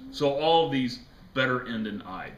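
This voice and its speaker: A man's voice: medium pitch, lively intonation, moderate pace. A man teaching a chemistry class, lecturing casually, joking and quizzing his students. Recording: echoey classroom with faint noise.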